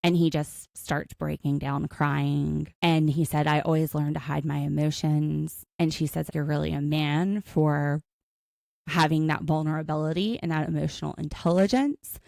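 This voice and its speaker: In a low, creaky voice at a moderate pace, a female podcast co-host chats casually through a reality show recap. She tells it with animation, voicing the cast's lines herself, and there's no echo.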